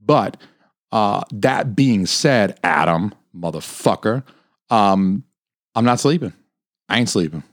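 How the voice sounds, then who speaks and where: Deep-voiced, profane podcast host ranting. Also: male voice, expressive, slow, no echo, studio quality. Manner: profane, crude, rambling. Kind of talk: solo podcast rant.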